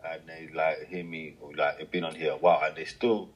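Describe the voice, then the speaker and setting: A man's voice: rumbling low, fairly even intonation, brisk, slightly rough, muffled recording. An English man with a slight American tinge hosting a casual live stream, chatty and filler-heavy. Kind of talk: casual chat.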